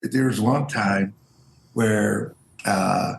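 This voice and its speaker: An Air Force veteran, interviewed casually, tells stories as an animated narrator, acting out the voices of the people he quotes. His voice sits on the low side and is creaky, with drawn-out words. There is slight background noise and a roomy echo.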